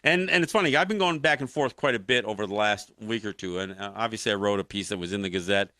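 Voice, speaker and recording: A man's voice: fairly low pitch, fast talker, dry recording, studio quality. A man hosting a political talk show, arguing a point with passion and many restarts. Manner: animated, impassioned commentary with frequent restarts.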